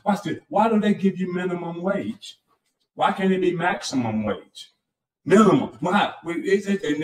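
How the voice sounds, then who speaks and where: A man's voice: sits high, darkish tone. A pastor in his fifties preaching a sermon with fervent call-outs to the congregation and folksy, colloquial storytelling. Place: church sanctuary. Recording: roomy church hall, mic from far off.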